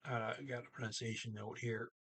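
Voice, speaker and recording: A man's voice: mid-range voice, level tone, a little fast, fairly bright tone, a little hiss or hum. A man teaching a language lesson, thinking aloud with many fillers and restarts, speaking.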